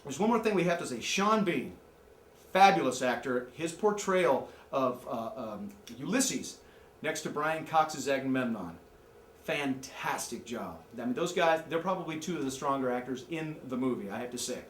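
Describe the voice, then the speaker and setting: A man giving a joking, excitable movie review rant, from the American Midwest. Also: medium pitch, moderate pace, roomy sound, a little hiss or hum. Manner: joking, excitable, jumps into mocking voices. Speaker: amateur movie critic.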